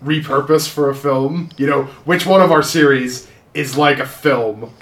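A man's voice: medium pitch, a little slow, a bit bright. Joking man in casual chat. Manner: loose, joking, swears freely. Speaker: podcast co-host.

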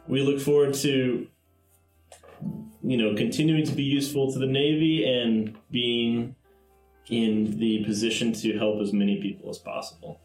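A man's voice: mid-range voice, little pitch movement, moderate pace, a little mellow, faint music behind, natural voice. A man voicing an earnest, newly promoted male ship captain who speaks formally. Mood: dutiful. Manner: formal, speech-making. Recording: echoey room.

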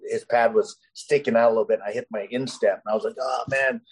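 A professional fighter tells stories in a casual interview, rambling and stuffing his speech with "you know" and "uh." His lowish voice is husky and darkish with fairly even intonation, he talks fast, and the audio is poor.

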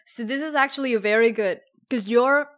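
A woman's voice: on the high side, fairly quick, a bit bright. Thoughtful woman from Java, hesitant. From Java, Indonesia. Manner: thoughtful, hesitant, many ums. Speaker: podcast co-host, former English teacher. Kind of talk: casual chat.

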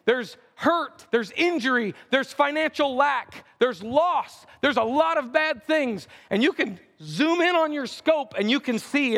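A man's voice: extremely high pitch, animated, unhurried, few pauses, fairly bright tone. A man preaching a sermon as pastor, reading scripture verses aloud and building in intensity as he speaks. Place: church sanctuary. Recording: long reverb of a church hall.

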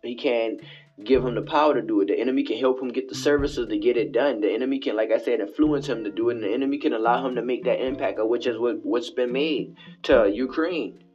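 A man's voice: medium pitch, fast, a little mellow. A man hosting his own podcast alone in his bathroom, rambling and preaching in a late-night monologue that keeps circling back and repeating itself. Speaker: podcast host. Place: bathroom at home. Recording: dull lo-fi home recording with faint music.

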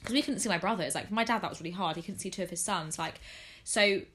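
Hosting a podcast, a young woman chats casually with a friend, rambling and saying "like" a lot. She talks fast in a fairly low, slightly bright voice.

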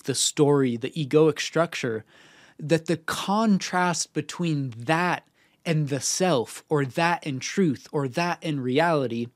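A man's voice: fairly high pitch, no echo, studio quality. A young man hosting a podcast, telling a personal story in an earnest, casual way with fillers and restarts. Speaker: podcast host. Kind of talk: casual spiritual talk.

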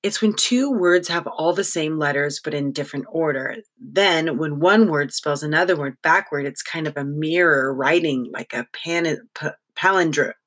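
A reader voicing a talkative, excitable know-it-all boy who lectures eagerly, in an audiobook. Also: mid-range voice, natural voice. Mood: explaining. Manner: lecturing, quick to explain. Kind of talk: audiobook reading.

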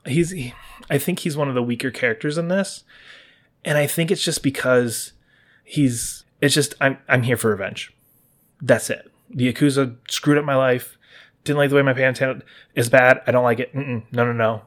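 A mid-pitched man talks casually through a game's plot as a commentator. His speech is loose and full of likes and restarts. Now and then he briefly mimics the characters' lines in livelier voices. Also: fairly even intonation, moderate pace, a bit bright. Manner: chatty, with lots of likes and restarts. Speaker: video game commentator. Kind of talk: casual spoiler recap monologue.

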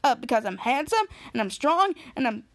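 Casting: woman reading a cocky, self-loving male hero, bragging and accusing, in a fairly high voice. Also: very animated, normal speed, no room sound, studio quality. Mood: boastful. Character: boastful vain adult male superhero.

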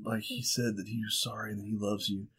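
A man's voice: lowish voice, little pitch movement, fast talker, a bit bright, slightly rough. A man casually chatting and joking while watching a film with a friend, laughing often. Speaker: co-host of a movie commentary. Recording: home room, TV audio.

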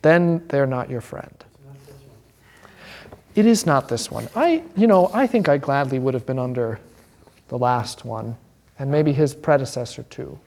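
A man, a pastor, teaching an informal Bible class in an animated, joking way. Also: mid-range voice, measured pace, vocal fry, pauses often. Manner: animated, joking, acts out quoted voices.

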